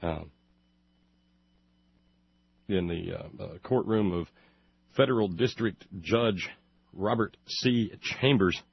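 Sarcastic talk host, husky voice, dry close sound, slightly dull audio. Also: male voice, deep voice, slow pace, pauses often, no room sound. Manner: sarcastic, rambling with many fillers. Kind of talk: casual radio monologue.

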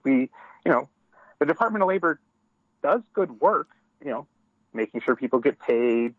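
A man's voice: mid-range voice, no room sound. A man calling in as a guest, talking casually and hesitantly with many "likes" and "you knows". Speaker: phone-in guest. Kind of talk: phone interview. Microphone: telephone. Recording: dull phone line.

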